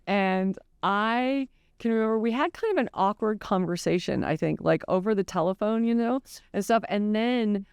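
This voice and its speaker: Older woman novelist, frank, self-mocking and lively, clean resonant voice recorded dry in studio. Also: mid-range voice, clean tone, no room sound. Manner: animated, candid, swears freely, laughs at herself. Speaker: novelist guest. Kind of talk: casual interview chat.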